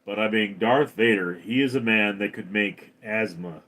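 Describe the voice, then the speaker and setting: A man hosts a relaxed livestream, speaking at a moderate pace with a fairly low pitch. He animatedly reads commenters' names aloud and then answers them.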